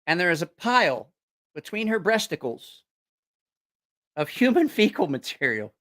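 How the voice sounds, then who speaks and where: Male channel host, casual rambling storyteller, swears a lot, animated. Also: high voice, moderate pace. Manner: rambling, profane, animated, with frequent restarts. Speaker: host of a knife-sales channel.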